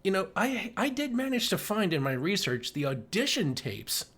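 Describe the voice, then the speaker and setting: A man's voice: high-pitched, very animated, normal speed, a bit bright, slightly rough. A man hosting a horror movie podcast, rambling casually with plenty of fillers and playing an exasperated director in a comedy sketch. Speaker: podcast co-host.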